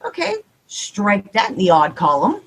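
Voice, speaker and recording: A woman with a Texan accent, probably in her thirties or forties, telling a ghost story on a podcast, quick and animated and acting out the dialogue. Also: mid-range voice, slight background noise, rough recording. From Texas. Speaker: podcast guest. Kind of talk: casual storytelling.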